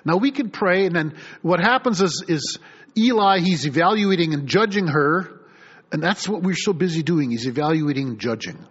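Middle-aged pastor guy preaching, husky voice, really swoopy, kinda muffled recording. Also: on the high side, normal speed. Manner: animated preaching, reads scripture aloud, acts out voices. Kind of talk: sermon. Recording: dull lo-fi recording.

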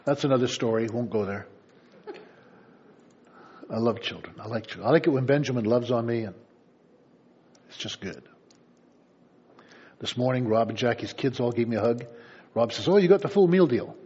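A man's voice: medium pitch, moderate pace, pauses often, darkish tone, husky, highs cut off. A man preaching a sermon in a conversational way, with playful asides to the congregation. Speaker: pastor.

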